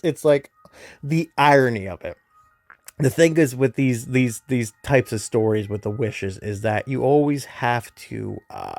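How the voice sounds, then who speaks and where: Man, gaming YouTuber, casual story recap, rambling, lots of fillers, mid pitch, dry sound. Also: a little mellow, dry recording. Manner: rambling, many fillers and self-corrections.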